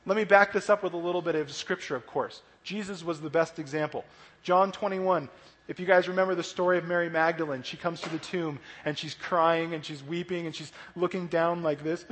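Male kids' pastor, lively and animated, slightly high voice, big hall reverb. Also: fairly quick. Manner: animated, asks "right?" often, acts out voices. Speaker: children's church pastor.

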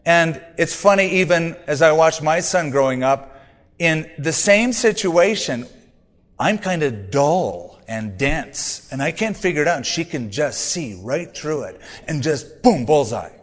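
A man's voice: a little high, lively intonation, measured pace, long reverb tail. A man preaching a sermon in a conversational, humorous way, reading scripture aloud between stories. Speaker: pastor.

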